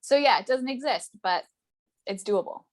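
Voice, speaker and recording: A woman's voice: on the high side, animated, moderate pace. A woman as an interview guest, telling a story in a chatty way, full of tag questions and fillers, who laughs often and acts out the voices she quotes. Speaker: interview guest, essential oils seller. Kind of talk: casual conversational storytelling.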